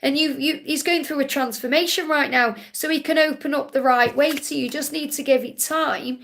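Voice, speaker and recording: High-voiced woman giving soothing readings. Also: a little fast, vocal fry, fairly bright tone, slight background noise. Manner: soothing, reassuring, repeats key phrases. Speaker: spiritual card reader hosting a live Q&A. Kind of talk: live-stream reading, relaying messages.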